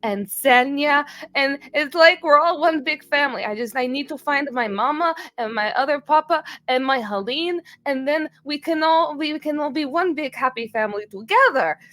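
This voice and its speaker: A woman voicing a young woman in a tabletop game who speaks in halting, tearful stammers about her lost family. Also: sits high, lively intonation, fairly bright tone. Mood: wistful.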